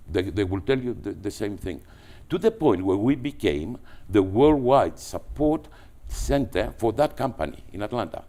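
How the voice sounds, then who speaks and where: A man from Greece with a Greek accent, telling business anecdotes as a guest, animated and full of restarts. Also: fairly low pitch. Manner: animated, with frequent restarts and repetitions. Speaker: entrepreneur guest. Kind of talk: anecdotal storytelling.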